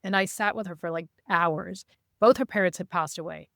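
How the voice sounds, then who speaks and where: A woman guest in a casual interview, telling stories in a lively way and acting out what people said. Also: on the low side, a little fast, gravelly, no echo, clean studio sound. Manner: lively, acts out quoted dialogue. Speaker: podcast guest, intuitive reader.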